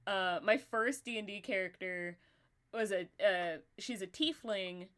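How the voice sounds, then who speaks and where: A young woman from Texas with a Southern accent and natural vocal fry, chatting casually as a podcast host, rambling into tangents and laughing often. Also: mid-range voice, measured pace, fairly bright tone. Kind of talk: casual chat.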